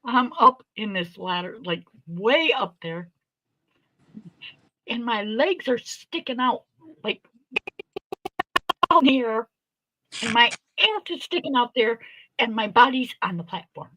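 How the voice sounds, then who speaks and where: This middle-aged woman hosts a casual chat, her voice on the high side and unhurried, with long pauses. She tells a story animatedly, laughing often and swearing freely, and the lo-fi recording has no room sound.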